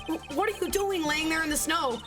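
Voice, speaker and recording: A woman's voice: very high-pitched, brisk, distant mic, voice pushed up. A woman reading the lines of a jumpy young male defense lawyer in a game, in her own voice without a separate character voice. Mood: anxious. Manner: read-aloud dialogue in her own voice. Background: game music.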